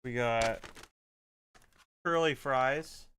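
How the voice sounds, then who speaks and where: A man's voice: medium pitch, extremely slow, fairly bright tone, slight background noise. A man streaming games in casual chat, laid-back, swearing often and muttering to himself as he puzzles things out.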